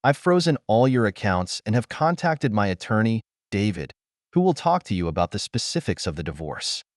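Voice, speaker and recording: A man reading as a betrayed husband who speaks calmly, coldly and with sarcasm in an audio story. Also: on the low side, moderate pace, no echo, clean studio sound. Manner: calm, cold, sarcastic. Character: cold, betrayed middle-aged husband.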